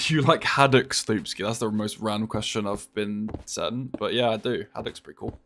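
Joking young streamer. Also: male voice, fairly low pitch, normal speed, slight background noise. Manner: joking, swearing, easily excited. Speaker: gaming streamer. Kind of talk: casual chat while playing a game.

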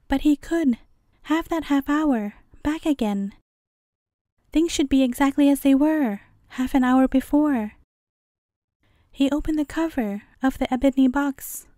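A woman storyteller narrating a fairy tale as a bedtime story in a gentle, measured way. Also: sits high, no echo, studio quality.

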